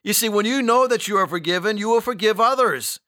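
A man's voice: high voice, fairly quick, sharp tone, no echo, clean studio sound. A man preaching a sermon, conversational with folksy asides. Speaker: pastor.

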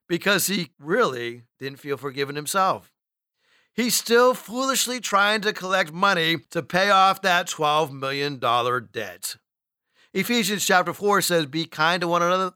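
A man's voice: sits high, sharp tone, clean tone, no room sound, clean studio sound. A man preaching a sermon, conversational with folksy asides. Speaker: pastor.

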